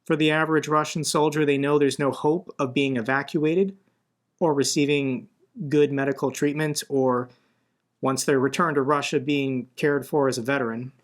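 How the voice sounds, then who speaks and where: This American political commentator speaks at a medium pitch and normal speed, his intonation fairly even. In a casual commentary video he gives blunt, conversational takes on the news, getting more indignant as his argument builds.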